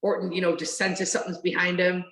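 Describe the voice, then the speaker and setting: A woman guest on a podcast, telling wrestling memories in an excited, rambling way and swearing now and then. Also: lowish voice, fast. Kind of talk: casual podcast chat. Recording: roomy echo.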